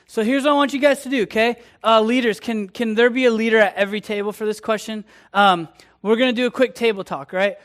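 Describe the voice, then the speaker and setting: Brief: energetic male youth leader, bright high voice, playful and quick to joke with the room. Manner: upbeat, energetic, joking with the room. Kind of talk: lively youth group game and teaching.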